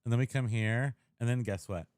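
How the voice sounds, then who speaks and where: A man's voice: mid-range voice, fairly quick, a little mellow, dry recording, clean studio sound. A man hosting a casual livestream podcast, joking and rambling while he fusses with his gear. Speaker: podcast host.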